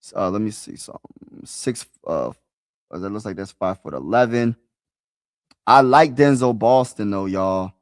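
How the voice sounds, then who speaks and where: A man's voice: fairly low pitch, expressive, a little slow, no echo, clean studio sound. Chatty man live-streaming to his chat. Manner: talks to chat, repeats himself, casual slang. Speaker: sports streamer.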